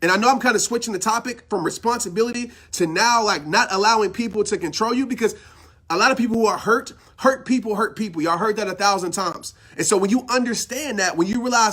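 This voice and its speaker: A man's voice: sits high, fast talker, bright, forceful tone, slightly rough. A man giving an impassioned motivational talk, fired up and preachy, hammering home his points by repeating phrases. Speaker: motivational speaker.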